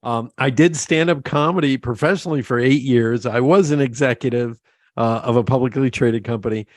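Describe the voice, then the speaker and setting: Middle-aged male host, playful and quick to laugh, recorded close and dry. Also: medium pitch, no echo. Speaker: podcast host. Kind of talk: casual interview chat.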